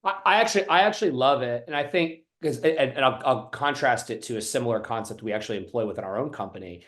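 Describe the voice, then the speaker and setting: A man's voice: medium pitch, lively intonation, fast, fairly bright tone. A man hosting a podcast, chatting in a casual, enthusiastic way. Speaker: podcast host. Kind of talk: conversational interview.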